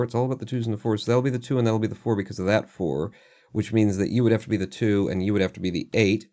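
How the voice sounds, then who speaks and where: Streamer, male, lowish voice, talks himself through a puzzle by muttering numbers, drops self-deprecating asides. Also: darkish tone. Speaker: live streamer. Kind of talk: casual thinking aloud while playing a puzzle game.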